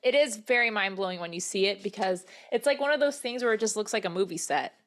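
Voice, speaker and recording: A woman's voice: mid-range voice, fast talker. A woman from the US Northwest, a comedian guest, chatting casually in an upbeat way and laughing easily. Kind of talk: casual chat.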